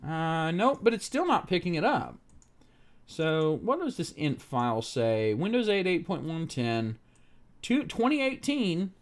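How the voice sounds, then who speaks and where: Male streamer fixing a laptop, profane and fed up, pitch all over the place. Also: wildly swooping pitch, measured pace. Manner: exasperated, profane ranting at the screen; mutters technical steps under his breath. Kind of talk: live-stream tech commentary.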